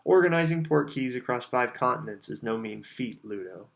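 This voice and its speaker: A man's voice: on the low side, moderate pace, fairly bright tone, lightly acted. A man voicing a stiff, precise elderly official in an audiobook, speaking in a clipped, dry, impatient manner. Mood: sharp.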